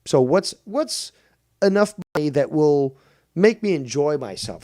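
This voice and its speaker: A man's voice: fairly high pitch, sing-song, a little slow, warm tone, dry recording, studio quality. A middle-aged man hosting a live stream, ranting with lots of swearing and mocking others in whiny put-on quotes. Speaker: streamer and show host.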